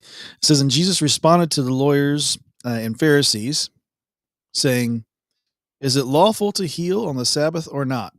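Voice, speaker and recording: Dude reading bible verses n cracking jokes, easygoing, dry close mic, no room sound. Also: male voice, fairly high pitch, expressive, a little slow, dry recording. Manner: laid-back, jokey, laughs often. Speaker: co-host of a devotional show. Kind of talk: casual Bible reading and chat.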